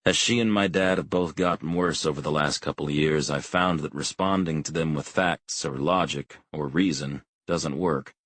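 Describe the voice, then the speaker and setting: A man reading a thriller audiobook in calm, measured first-person narration. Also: very deep voice, dry recording. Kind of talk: scripted narration.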